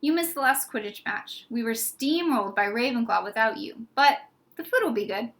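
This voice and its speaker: A woman's voice: on the high side, lively intonation, normal speed, a bit bright. A woman doing Ron, a cheeky schoolboy. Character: cheeky, blunt young schoolboy.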